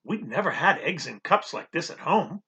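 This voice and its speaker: Expressive male audiobook narrator. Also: a little high, normal speed, creaky. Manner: expressive, nervous boyish first-person telling. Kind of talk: first-person audiobook narration.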